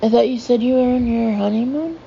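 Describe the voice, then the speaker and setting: A woman's voice: a little high, brisk, gravelly, dull audio, a little hiss or hum. A woman voicing a chatty woman tourist. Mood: surprised. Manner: chatty, easily surprised. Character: chatty, friendly middle-aged woman tourist.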